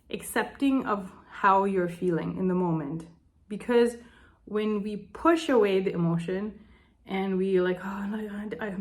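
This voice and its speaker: A young adult woman, a life coach, gently talks through an emotional tapping routine and speaks sample phrases aloud with sighs. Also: mid-range voice. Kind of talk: instructional tapping demonstration.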